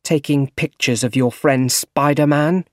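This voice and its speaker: A man's voice: a little high, fairly even intonation, measured pace, no room sound, studio quality, voice pushed up, lightly acted. A man voicing a proud young man who runs a company department, in a graded-reader audiobook. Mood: pressing. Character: young man, rich heir, bitter and driven.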